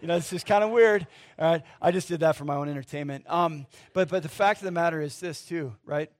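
Middle-aged male pastor, informal preaching with frequent "right?", voice a little higher than most men. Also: fast. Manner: conversational, asks "right?" and "okay?" often, swings from loud to hushed. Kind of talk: sermon.

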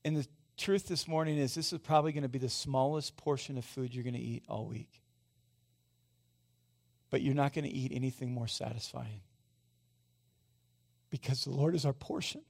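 A man's voice: medium pitch, steady tone, moderate pace, creaky, long pauses, a little mellow. A man in his forties preaching a sermon as pastor, conversational and often asking the congregation questions. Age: 40s. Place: church sanctuary.

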